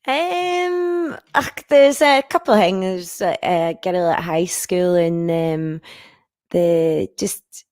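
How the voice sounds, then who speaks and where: A woman in her thirties speaks in a broad Lanarkshire Scottish accent, frank and chatty, dropping fillers as she talks. Her voice sits a little low for a woman. The recording is close and dry. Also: slow, darkish tone, no room sound. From Scotland. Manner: frank and chatty, sprinkled with fillers and a stray swear. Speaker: musician guest. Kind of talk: casual interview chat.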